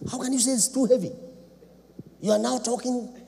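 Dramatic preacher with gravelly voice. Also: male voice, fairly even intonation, brisk. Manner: dramatic, swings from loud shouts to low asides. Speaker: apostle preaching. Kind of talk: sermon. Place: church sanctuary. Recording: reverberant church hall, faint background noise.

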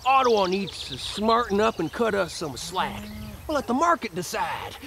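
A man's voice: sits high, big pitch swings, normal speed, gravelly, voice pushed down, heavily acted. A man playing a grumbling male rancher with a Texas accent and a folksy, complaining way of talking.

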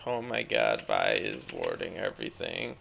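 Frustrated young man with gravelly voice. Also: low voice, huge pitch swings, moderate pace, a bit bright, a little hiss or hum. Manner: frustrated, swearing, exclaiming. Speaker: gameplay streamer. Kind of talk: live gameplay commentary.

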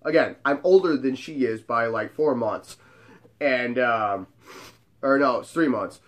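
A man's voice: mid-range voice, a little slow, fairly bright tone. A man in his twenties, a bartender telling a story in a casual way and acting out the dialogue. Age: 20s.

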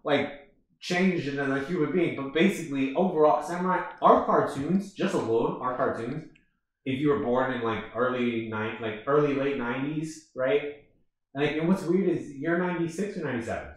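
Excitable young man, echoey room. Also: medium pitch, moderate pace. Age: 20s. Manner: excitable, animated storytelling. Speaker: podcast co-host. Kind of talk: casual chat. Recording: roomy and distant.

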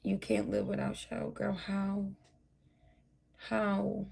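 Brief: woman livestreamer, combative late-night rant, gravelly husky voice, a touch high. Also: level tone, takes it slowly, mellow. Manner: profane, combative, talks straight at her chat. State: tired, burnt out.

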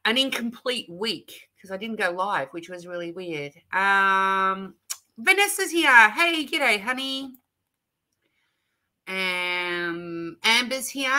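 Bright-voiced, bubbly Australian woman. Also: medium pitch. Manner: chatty, bubbly, laughs often, greets warmly. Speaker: livestream host. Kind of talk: casual live chat greeting viewers. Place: home craft room.

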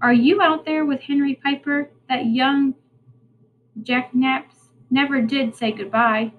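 A woman's voice: high-pitched, fairly even intonation, takes it slowly, dull audio, slight background noise, pitched above the performer's own voice. A woman voicing a stern, suspicious rural father in a storybook, calling out with a scold.

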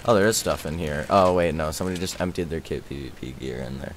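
A man streaming a game live, rambling excitedly, answering chat and thanking viewers as he plays. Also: rumbling low, quick pace, a little hiss or hum. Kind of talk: live gaming stream chatter.

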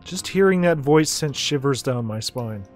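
A man's voice: mid-range voice, expressive, moderate pace, faint music behind, lightly acted. A man reading the lines of a frightened teenage girl priestess in a video game, nervous and questioning.

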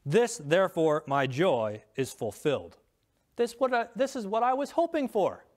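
A man's voice: sits high, very animated, moderate pace. A middle-aged man preaching a sermon as pastor, earnest, reading scripture aloud and rising in voice on key lines.

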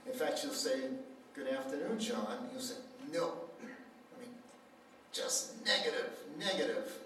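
A man gives a sermon at a healing center, animated and storytelling, slipping into the voices of the people in his story. His voice sits a bit high for a man. The mic is far off in a very echoey hall with a faint hiss underneath. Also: unhurried. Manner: animated storyteller, acts out quoted dialogue. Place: church hall.

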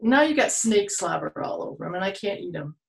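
Very animated and brisk, a woman with a medium-pitched voice and some vocal fry leads a children's storytime for an online video. As the children's museum host speaking to camera, she keeps things playful with exaggerated exclamations.

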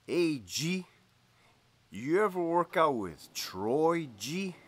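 A man's voice: a little high, very animated, voice pushed up, exaggerated voice. A man voicing his male prison partner as gushing and flirty, drawing out each word. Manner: drawn-out, swooning, lingering on each word.

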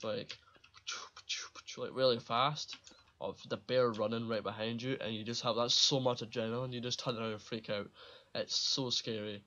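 A man's voice: medium pitch, sharp tone, muffled recording. A man giving casual commentary while playing a survival game, rambling and swearing freely and laughing at his own slips. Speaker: gaming channel host.

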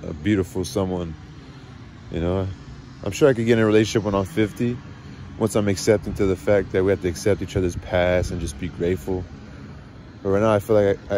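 Male vlogger, very low mellow voice, rambling and profane venting, faint background noise. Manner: rambling, frequent swearing, agitated. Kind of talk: casual venting monologue.

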